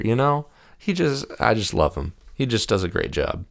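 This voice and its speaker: A man's voice: on the low side, sing-song, moderate pace, gravelly. A young man talking casually and enthusiastically in a rambling review monologue, full of "uh"s. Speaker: video host.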